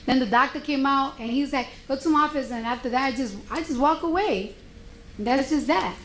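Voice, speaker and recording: A woman's voice: sits high, a little fast, reverberant, slight background noise, poor audio. A woman testifying in court, animatedly retelling a confrontation and quoting both sides. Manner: animated retelling with quoted dialogue. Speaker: witness testifying.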